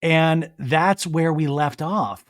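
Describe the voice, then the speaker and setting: Guy doing a gossipy reality tv recap podcast, slightly high voice, acts out everyone's lines. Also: takes it slowly, dry recording, studio quality. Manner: animated, acts out cast members' lines in put-on voices. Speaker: podcast host.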